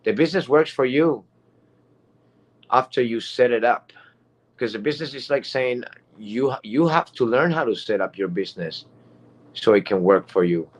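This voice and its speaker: A man's voice: mid-range voice, lively intonation, moderate pace, long pauses, lo-fi sound. A man in a mid-range voice gives a loose motivational talk as a guest speaker. He rambles and circles back, leaning on fillers and repeated phrases. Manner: rambling, repetitive, with many fillers.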